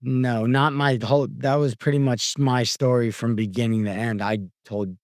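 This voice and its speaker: A man's voice: medium pitch, fairly even intonation, moderate pace, darkish tone, no echo, studio quality. A man, a podcast guest talking candidly and reflectively about feeling lucky, full of "like" and "dude" and restarts. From Philadelphia. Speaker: guest, former pro fighter.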